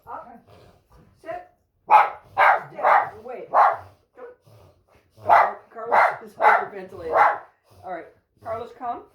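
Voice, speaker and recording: A woman's voice: a little high, sing-song, takes it slowly, pauses often, roomy sound, far from the mic, heavy background noise. A woman chatting casually at home while giving cheerful commands to her three dogs. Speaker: therapy dog handler.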